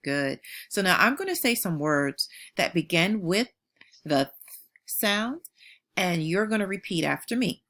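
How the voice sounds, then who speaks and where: Warm-hearted woman teacher, bright lively delivery, slow clear modeling of sounds for young kids. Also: lowish voice. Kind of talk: phonics lesson for young children.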